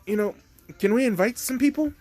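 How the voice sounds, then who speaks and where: A man voicing an excitable teenage boy hero in a raised, eager, flustered voice. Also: very high voice, a little fast, no room sound, soft background music, pitched above the performer's own voice.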